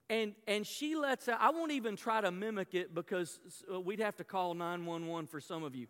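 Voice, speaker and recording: A man's voice: sits high, fairly bright tone, smooth. A middle-aged man preaching a sermon in a church, telling a story and asking the congregation questions, often repeating his words. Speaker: pastor. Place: church hall. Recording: long hall reverb.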